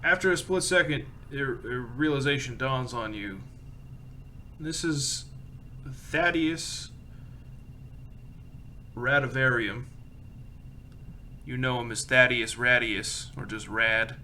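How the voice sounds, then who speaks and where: A man's voice: medium pitch, slow pace, pauses often, bright, forceful tone, a little hiss or hum. A man narrating a tabletop game as game master, casual and full of fillers.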